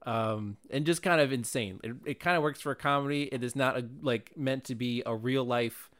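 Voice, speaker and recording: A co-host in casual chat about a movie, talking fast and opinionated, with many fillers. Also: mid-range voice, a bit bright. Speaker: podcast co-host.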